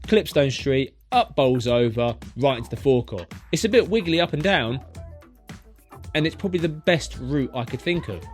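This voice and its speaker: A man's voice: medium pitch, animated, normal speed, soft background music. A man, a taxi driver chatting his way through his routes street by street in a driving vlog. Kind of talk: narrated driving vlog commentary.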